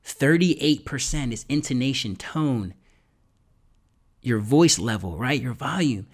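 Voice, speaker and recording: A man hosting a motivational podcast, talking energetically and often checking in with "right?". He sometimes drops to a whisper and then booms to make a point. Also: slow. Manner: animated, repeats points and asks "right?". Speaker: podcast host.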